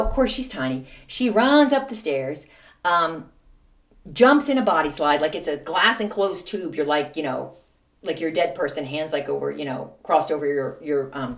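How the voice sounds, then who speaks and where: A middle-aged woman hosting a podcast, telling a story in a chatty, self-mocking way. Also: low-pitched. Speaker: podcast host. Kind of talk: casual solo storytelling.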